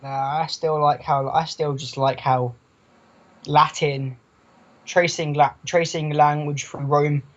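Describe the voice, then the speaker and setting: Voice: mid-range voice, steady tone, slow pace. A podcast co-host in casual chat, rambling and joking and slipping into quoted voices. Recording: muffled lo-fi recording.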